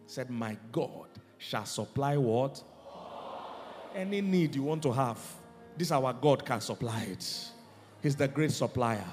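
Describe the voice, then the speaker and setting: A man preaches with fervent call-and-response, his voice swinging widely and rising to shouted decrees. He is heard in a long-echoing church hall with soft music underneath. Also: medium pitch, expressive, a little slow. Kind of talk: charismatic church sermon.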